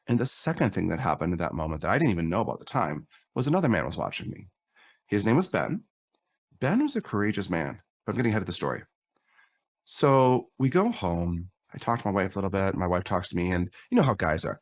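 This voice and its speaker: Deep-voiced man telling a candid story. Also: fairly quick, no room sound. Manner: candid, animated storyteller acting out quoted dialogue. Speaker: podcast guest. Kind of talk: personal storytelling in a podcast conversation.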